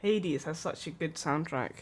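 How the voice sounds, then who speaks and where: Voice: mid-range voice, a little slow, faint music behind. A streamer chatting casually and rambling, with lots of filler words and small laughs.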